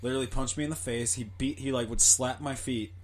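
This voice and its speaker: A man's voice: mid-range voice, steady tone, fast. A man hosting a podcast in casual chat, joking crudely and swearing freely. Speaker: podcast host.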